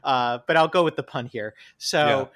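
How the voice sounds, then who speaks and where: Man, new york accent, podcast co-host, explanatory, playful puns, mid pitch. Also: normal speed, a bit bright. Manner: punning, explanatory, reads quotes aloud. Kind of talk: casual legal chat.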